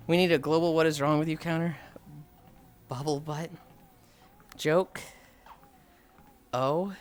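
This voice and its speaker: A streamer walks on a treadmill while casually chatting with viewers, reading and answering their messages. The voice is medium-pitched and a bit bright, unhurried with lively intonation and frequent pauses, and the streamer sounds worn out from the long walk, exasperated and sighing a lot.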